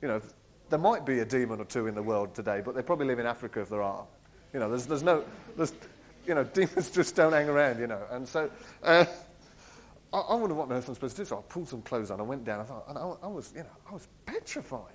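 A man telling a personal story in an animated way. He laughs often and acts out the voices of the people he quotes. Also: mid-range voice, fast talker, low-quality recording. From England. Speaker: speaker sharing a personal testimony. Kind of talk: storytelling talk.

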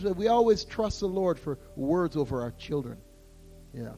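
A pastor delivers an impassioned sermon in a high, lifted voice. He drops to near-whispers before surging back to full force, and soft music plays faintly beneath his words. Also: sing-song, a little slow. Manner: impassioned preaching, swinging from hushed to loud.

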